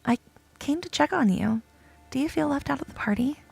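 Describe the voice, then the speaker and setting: A kind, supportive young friend, voiced by a woman from a game. She speaks in an encouraging, caring way. The voice is slightly high with some gravelly fry. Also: lively intonation, fairly quick, a little mellow, faint music behind, full character voice.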